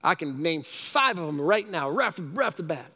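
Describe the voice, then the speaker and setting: A man preaching a sermon, animated, with rising shouts and repeated calls to his listeners. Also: on the high side, brisk, big-room sound. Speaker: pastor.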